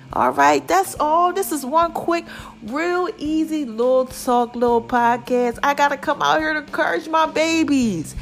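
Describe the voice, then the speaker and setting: High-voiced woman hosting a chatty podcast. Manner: lively, preachy and chatty, calls listeners "babies" and "child". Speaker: podcast host. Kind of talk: casual solo podcast talk.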